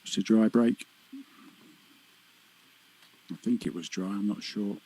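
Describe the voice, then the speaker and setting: A man co-commentating a pool match live, relaxed and joking, reacting to shots with short remarks. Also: lowish voice, measured pace, husky, rough recording.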